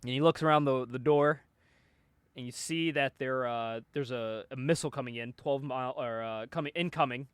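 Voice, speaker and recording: A man hosting a podcast, casually retelling a comic book story with animated energy, frequent laughs and swearing. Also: medium pitch, normal speed, clear, resonant tone, dry recording. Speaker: podcast host recapping a comic. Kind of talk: casual chat.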